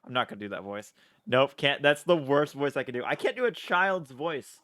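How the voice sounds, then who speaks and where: A man's voice: mid-range voice, animated, normal speed, a bit bright, dry recording. Chatty, sweary streamer guy. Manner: chatty, swears often, playful. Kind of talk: casual game-stream commentary.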